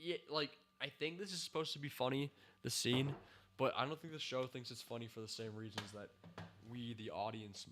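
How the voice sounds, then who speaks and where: A man hosting a casual stream, reviewing a TV season scene by scene, rambling with fillers and breaking into excited cheers and laughter. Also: medium pitch, fairly quick, background noise. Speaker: show host reviewing a TV season.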